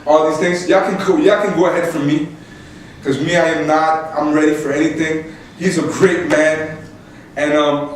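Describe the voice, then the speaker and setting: Animated young man telling a story in an echoey room. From Canada. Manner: animated, laughing, voice shooting high when excited. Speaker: podcast host. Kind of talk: casual storytelling among co-hosts. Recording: echoey room, distant mic, faint noise.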